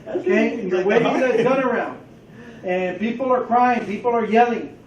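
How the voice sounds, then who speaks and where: A man's voice: very high-pitched, moderate pace, dull audio. A man briefing role players as a police training instructor, casual and joking as he explains a hostage scenario. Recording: echoey room, from far off.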